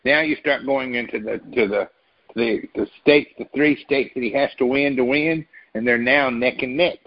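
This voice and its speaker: A man with a gravelly, husky voice talks in a loose, rambling way, pushing hard on his points and spelling words out to drive them home. He sounds like a guest sharing opinions on a talk show. The recording is dull and lo-fi. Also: medium pitch, normal speed. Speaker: political commentator.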